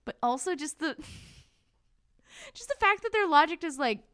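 A woman's voice: sits high, big pitch swings, a little slow, a bit bright, dry recording, studio quality. A woman co-hosting a podcast, chatting casually about a book and often laughing and acting out quotes. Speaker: podcast co-host.

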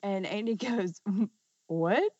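A woman at an average pitch narrates a family story on a podcast, moving briskly and playing out the quoted lines of her children. The recording is dry and close, with a dull lo-fi edge. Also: no room sound. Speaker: podcast co-host. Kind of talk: casual storytelling.

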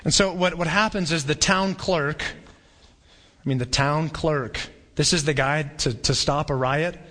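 A man preaching a sermon as pastor in a conversational, animated way, sometimes acting out the voices of a crowd. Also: on the high side, unhurried. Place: church hall. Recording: long hall reverb.

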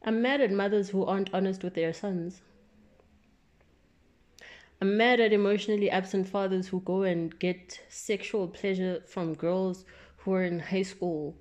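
A woman from South Africa performs a fiery, profane spoken-word monologue, moving from raised outbursts to low, bitter confession. Her tone is steady and a little mellow, and she speaks a little slowly.

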